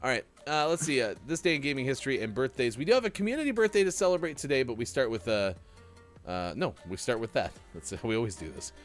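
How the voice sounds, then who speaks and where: Soft music underscores this man's medium-pitched, quick delivery. He's a morning show host on a casual live-stream radio chat, bantering with his co-host in a lively, joking, rambling manner.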